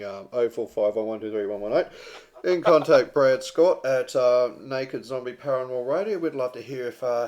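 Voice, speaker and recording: A man's voice: mid-range voice, darkish tone. Chatty Australian man hosting a radio show. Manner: chatty, jokey, reads news items aloud. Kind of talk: casual chat radio show.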